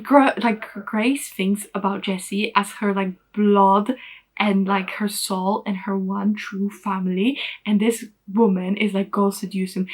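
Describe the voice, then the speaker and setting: A woman giving a casual, rambling spoiler recap of a book in a vlog, full of fillers and the odd swear word. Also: medium pitch. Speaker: book vlogger.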